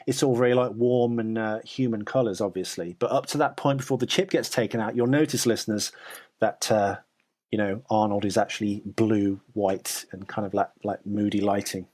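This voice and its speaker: A man's voice: lowish voice, fairly even intonation, moderate pace, a little mellow. A man co-hosting a podcast, talking casually and rambling with frequent restarts and filler sounds. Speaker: podcast co-host.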